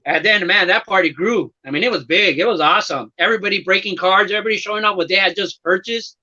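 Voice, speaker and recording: A man's voice: high voice, fast, bright, forceful tone, highs cut off. A man chatting casually about collecting trading cards, rambling and laid-back with lots of fillers. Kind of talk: casual chat.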